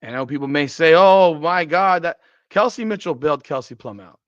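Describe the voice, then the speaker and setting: A man's voice: a little high, animated, brisk, a bit bright, no echo. A man hosting a podcast, giving blunt, profane, exasperated post-game basketball commentary. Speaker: podcast host. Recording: dry, slightly dull lo-fi sound.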